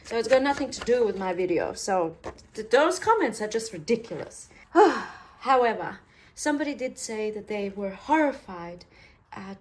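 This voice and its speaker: An Australian woman vlogging as she works on a handmade journal, rambling and poking fun at herself. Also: medium pitch. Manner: rambling and self-deprecating, talks while working. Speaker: craft vlogger. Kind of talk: chatty crafting tutorial.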